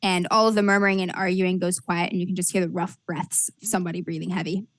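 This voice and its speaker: A woman's voice: on the low side, flat delivery, fast talker, a bit bright, no room sound. A woman narrating a tabletop role-playing game as game master, describing scenes with frequent fillers and restarts.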